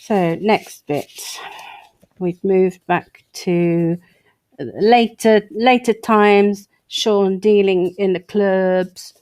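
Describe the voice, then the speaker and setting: A woman's voice: mid-range voice, drawn-out words, darkish tone, no echo. A woman hosting her own show, reading an article aloud and breaking off for sarcastic asides. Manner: sarcastic asides between read passages. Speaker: host.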